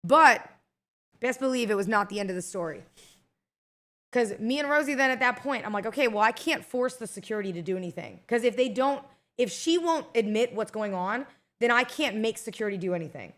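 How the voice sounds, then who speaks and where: Young woman streamer, slightly high pitch, casual heated storytelling to chat with lots of swearing. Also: brisk. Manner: heated, swearing, animated retelling.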